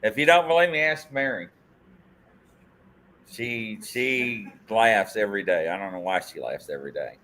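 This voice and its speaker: A man's voice: fairly low pitch, moderate pace, bright, forceful tone. A man hosting a podcast, joking, teasing and laughing as he reads viewer comments aloud. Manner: playful, teasing, laughs often, swoops up and down. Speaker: host.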